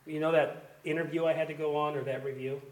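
A man, a pastor, preaching a sermon with emphasis, swinging between hushed and loud delivery. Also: a little high, steady tone, fast. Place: church sanctuary. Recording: echoey church room.

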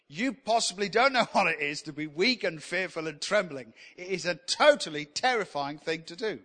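A man preaches, his voice high and bright as he tells funny, self-deprecating stories. The sound carries a long reverb from the church hall around him. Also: normal speed, few pauses. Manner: humorous, self-deprecating, animated. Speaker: pastor. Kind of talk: sermon with storytelling.

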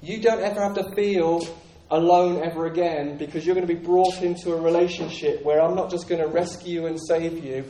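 A man's voice: on the high side, steady tone, a little fast, hardly any pauses, dark tone, a little hiss or hum. A man preaching a sermon in an earnest, repetitive way with frequent restarts. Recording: echoey room, voice from a distance.

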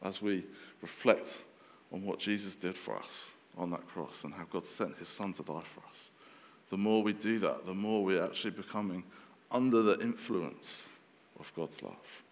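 Low-voiced man preaching in an echoey hall. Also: normal speed. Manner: conversational, many fillers and restarts. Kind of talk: sermon.

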